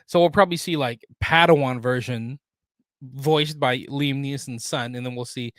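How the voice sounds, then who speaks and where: A man co-hosting a casual pop culture news podcast, reading out news items and then riffing on them in a relaxed way. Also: medium pitch, moderate pace, dry recording, clean studio sound. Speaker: podcast co-host.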